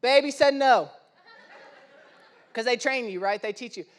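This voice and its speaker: High-voiced young male pastor preaching. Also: a little slow, a faint crowd. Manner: animated, acts out quoted voices, self-deprecating humor. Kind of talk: sermon with storytelling. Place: church.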